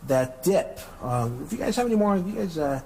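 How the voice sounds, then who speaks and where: A man's voice: sits high, very animated, brisk, creaky, a little hiss or hum, voice pushed up, heavily acted. A man putting on a chirpy polite phone voice. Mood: chipper. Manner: bright, eager, falsely friendly.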